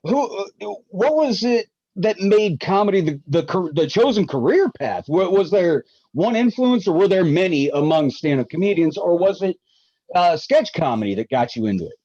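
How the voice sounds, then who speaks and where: An American man hosts a relaxed interview, his voice pitched fairly high. He laughs along with his guest and asks long, winding questions. The recording is dry and a little dull. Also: normal speed, no echo. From United States. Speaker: podcast host. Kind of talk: casual interview.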